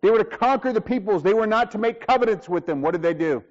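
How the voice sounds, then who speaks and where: High-voiced preaching man, lo-fi sound. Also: lively intonation, quick pace. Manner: emphatic preaching with acted dialogue and rhetorical questions. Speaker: pastor. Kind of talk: sermon.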